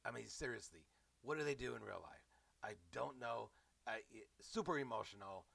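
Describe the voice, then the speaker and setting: A man rambles through a sarcastic comedic movie recap, mocking the people around him and tripping over his own words. His voice sits low with a gravelly fry and a bright, forceful edge. The sound is dry and close, with no room around it. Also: lively intonation, moderate pace, no echo. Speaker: movie reviewer.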